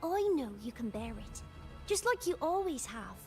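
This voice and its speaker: An eerie high childlike girl. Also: sing-song, moderate pace, darkish tone, faint music behind.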